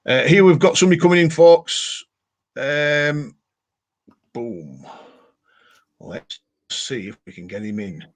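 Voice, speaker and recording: A man's voice: fairly high pitch, animated, slow pace, long pauses. A British man hosting a casual live detecting talk stream, chatting and reading viewer comments aloud. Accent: British English. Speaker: livestream host.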